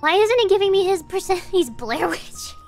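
High, bubbly, lively-voiced woman streamer. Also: moderate pace, faint music behind. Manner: bubbly, giggly, swings between sing-song squeals and low mumbles. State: hyped up on caffeine. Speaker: game streamer. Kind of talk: playful live gameplay chatter.

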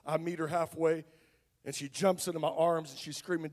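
Man, pastor, sermon testimony, conversational, joking asides, slightly high voice. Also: level tone, normal speed, a little mellow.

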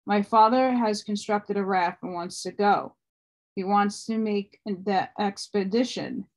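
A woman voicing a serious, daring young boy with a gruff manner while reading an audiobook aloud. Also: medium pitch, measured pace, close to an everyday voice. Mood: earnest.

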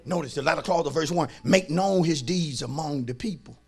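A male pastor preaching a sermon in church, swinging from soft asides to shouting and calling on the congregation to respond. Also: fairly high pitch, brisk, vocal fry, husky. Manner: colloquial, calls on the congregation to respond.

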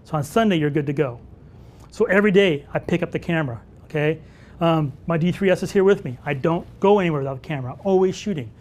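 At a live wildlife photography workshop, a man teaches with a fairly high, fast voice, telling stories and fielding audience questions. He's an animated storyteller who acts out the dialogue.

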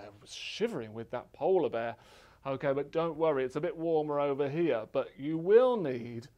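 Lively, sing-song male librarian. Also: fairly high pitch. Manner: sing-song, animated, playful voice for little kids. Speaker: children's librarian. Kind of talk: children's singalong storytime.

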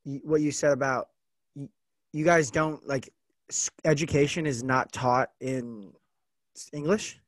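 A man's voice: mid-range voice, steady tone, a little slow, pauses often, dry recording. An American man hosting a podcast, asking questions in a casual, rambling way with many fillers. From United States. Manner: rambling, filler-heavy, curious. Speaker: podcast host. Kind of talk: casual conversation.

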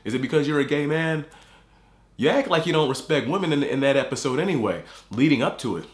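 A man's voice: a little high, lively intonation, fast talker, reverberant. A man hosting a YouTube reaction video, ranting angrily and swearing, repeating himself as he fires off words. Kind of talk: angry profane reaction rant.

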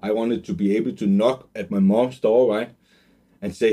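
Emotional young man with a dark husky voice. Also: on the low side, steady tone, normal speed. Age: 20s. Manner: earnest and emotional, many fillers and restarts. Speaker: online marketer pitching a course. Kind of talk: personal sales pitch.

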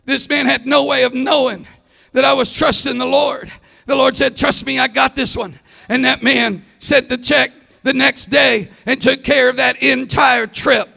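A man preaching a Pentecostal sermon as a visiting evangelist, telling stories and rising into shouted climaxes. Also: very high-pitched, steady tone, normal speed, vocal fry, husky. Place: church sanctuary. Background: soft organ music.

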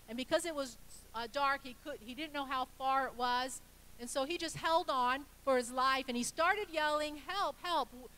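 A woman's voice: high-pitched, sharp tone, rough recording. A woman pastor preaching a sermon in a conversational way, with restarts and asides, acting out the voices in the stories she tells. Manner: acts out quoted voices in storytelling.

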